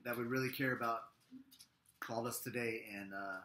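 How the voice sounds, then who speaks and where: A man's voice: medium pitch, moderate pace. A man who co-hosts a ministry show, chiming in casually with joking stories beside the preacher. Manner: relaxed, joking, chimes in with stories. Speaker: pastor and co-host of a ministry show. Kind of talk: casual chat during a sermon. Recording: echoey room.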